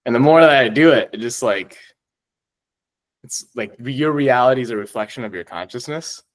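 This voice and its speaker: A man chatting as a podcast guest, excitable and heavy on swearing, often laughing as he talks. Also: mid-range voice, normal speed, rough recording. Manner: excitable, swears a lot, laughs while talking. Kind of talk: casual chat.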